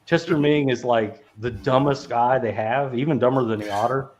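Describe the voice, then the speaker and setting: On a dull, lo-fi recording, a male podcast host rambles casually about movies with plenty of profanity, frequent laughter, fillers, and false starts. His voice sits at medium pitch with a darkish tone, and he speaks at a moderate pace.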